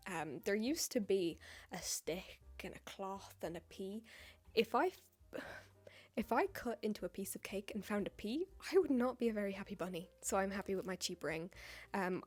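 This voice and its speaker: A woman's voice: medium pitch, a little mellow. A woman with an English accent, chatting in a casual vlog as a baker, joking and poking fun at herself. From United Kingdom. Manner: jokey, self-mocking, chatty asides. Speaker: baker and video creator. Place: home, tripod camera.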